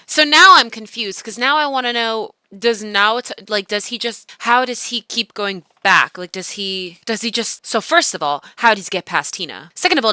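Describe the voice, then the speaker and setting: Excitable woman reacting to anime. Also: mid-range voice, no room sound. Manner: excitable, swears freely. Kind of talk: casual reaction commentary.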